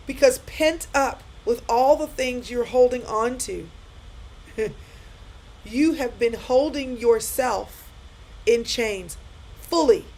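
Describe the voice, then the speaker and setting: A woman's voice: a little high, darkish tone, poor audio. A middle-aged woman giving a live-stream pep talk to viewers, repeating her points with emphasis and speaking straight to them.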